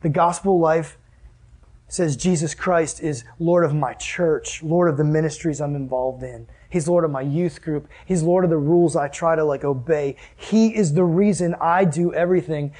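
Young guy preaching to a youth group, lively and animated, kinda high voice, tossing questions at the crowd. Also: normal speed. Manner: animated, acts out scenes with sudden exclamations and laughs; asks the audience questions. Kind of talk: sermon.

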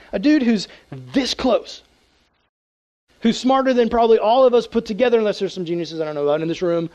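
A youth pastor with a high voice preaches to teens in a relaxed, lively style, dropping to a whisper as he acts out prayers.

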